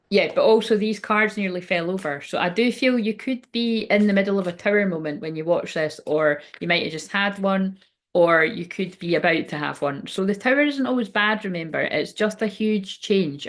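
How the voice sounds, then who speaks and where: A woman's voice: medium pitch, moderate pace. Chatty woman doing tarot. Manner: rambling, chatty, swears casually. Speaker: tarot reader. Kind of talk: casual tarot reading to camera. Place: indoors at home by a window.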